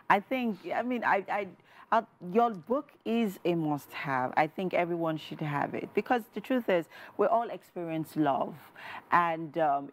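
Nigerian woman tv host, low voice, warm and encouraging, lots of you knows. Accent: Nigerian English. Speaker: TV show host. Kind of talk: studio interview. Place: TV studio.

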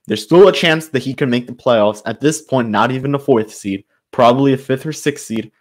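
A male sports channel host delivers a frustrated, exasperated solo fan rant, loosely improvised and full of fillers. His mid-range voice has medium pitch and a moderate pace.

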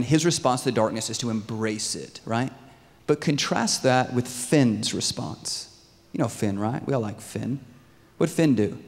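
A man in his thirties preaching a sermon in a lively, conversational way, often asking his audience questions. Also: mid-range voice. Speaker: pastor. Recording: long reverb in a large hall.

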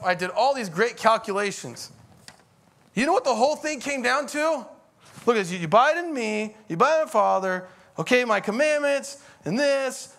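A man's voice: high-pitched, a bit bright. A middle-aged man, a pastor, preaching a conversational sermon that rises into emphatic bursts.

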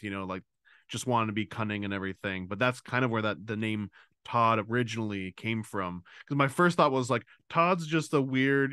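Clear-voiced chatty podcast man. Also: lowish voice, sharp tone, no room sound, studio quality. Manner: enthusiastic, chatty, many fillers. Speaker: podcast co-host. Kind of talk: casual chat.

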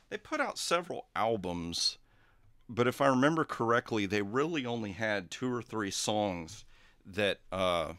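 A man hosting a livestream, telling a joke and chatting casually in a relaxed, rambling way. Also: fairly low pitch, no echo. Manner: relaxed, rambling, chuckling asides. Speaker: livestream host.

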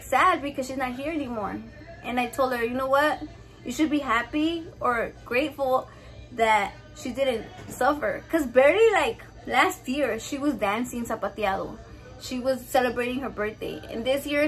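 High-voiced, foul-mouthed woman cooking. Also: fairly bright tone. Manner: swears freely, mixes Spanish and English, jokey and candid. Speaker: cooking vlogger. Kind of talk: casual cooking tutorial. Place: home kitchen.

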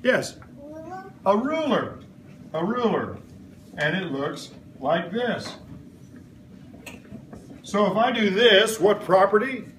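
A man's voice: high voice, lively intonation, takes it slowly, long pauses, a bit bright, echoey room, far from the mic, a little hiss or hum. A middle-aged man teaching a science lesson in a classroom, quizzing the class in playful call-and-response. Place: elementary school classroom.

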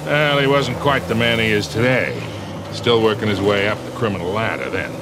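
A man's voice: on the low side, brisk, close to an everyday voice. An actor playing an older male smuggler mentor in a video game, speaking with dry, wry humor. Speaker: game character. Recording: game audio with loud noise.

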